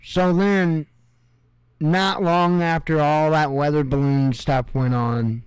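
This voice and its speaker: A man hosting a casual news commentary in an unhurried, rambling way, sarcastic and quick to mock. His voice sits a little high for a man and sounds smooth and clean. The recording is dry and close. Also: steady tone, no echo. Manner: rambling and sarcastic, with mocking asides. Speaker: news show host.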